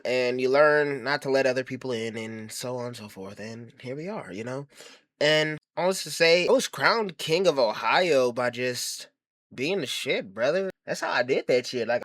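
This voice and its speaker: A man's voice: medium pitch, fairly bright tone, no echo, studio quality. A man giving a comedic monologue, bragging in a brash, profane, mock-grandiose way and rambling through self-interrupting asides. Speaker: comedy commentary host.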